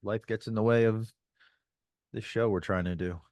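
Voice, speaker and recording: This is an easygoing man co-hosting a podcast. His voice sits on the low side, and he keeps his turns short and friendly. He is recorded close and dry. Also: steady tone, moderate pace, darkish tone, no room sound. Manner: easygoing, friendly, brief replies. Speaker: podcast co-host. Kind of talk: casual podcast chat.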